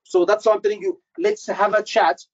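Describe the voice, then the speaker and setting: A man tutoring doctors for an exam, quizzing his class with quick questions and repeating key phrases for emphasis. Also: high voice, level tone, highs cut off. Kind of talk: live teaching session.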